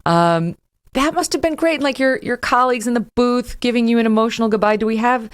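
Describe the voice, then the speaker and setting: A middle-aged woman hosting an interview, chatty and animated, leaning on filler words. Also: fairly high pitch, a little fast, clear, resonant tone. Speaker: host.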